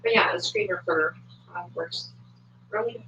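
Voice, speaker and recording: A woman streamer chatting casually on a home livestream, loose and full of fillers, cursing freely. Her voice is bright and a bit sharp. She sits back from the mic in an echoey room, and the audio sounds dull and thin. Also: lowish voice, normal speed, far from the mic, a little hiss or hum. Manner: chatty, swears, many fillers. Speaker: livestream commentator. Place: home, moves between desk and kitchen. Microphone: desk microphone, at times far from it.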